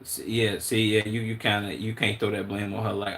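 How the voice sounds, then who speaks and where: A man with a Chicago accent talks through a late-night live stream in a fairly low voice. He is relaxed and keeps thinking aloud, peppering his talk with slang and stopping to restart his sentences. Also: fairly quick, a little hiss or hum. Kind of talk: casual live-stream commentary.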